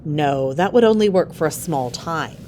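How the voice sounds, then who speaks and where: A woman voicing an obsessive, impatient male scientist husband in a story read aloud, sharp and agitated when crossed. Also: sits low, expressive, moderate pace, slight background noise. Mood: reassuring.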